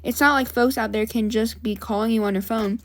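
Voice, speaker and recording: A woman reading the lines of a bubbly young female tinkerer in a chatty, quick way. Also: fairly high pitch, steady tone, close to an everyday voice.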